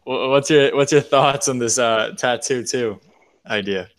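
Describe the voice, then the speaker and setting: A man's voice: mid-range voice, unhurried, dry recording. A man hosting a casual podcast, loose and joking as he leads the talk. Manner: loose, joking, laughs often. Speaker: podcast host. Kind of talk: casual chat.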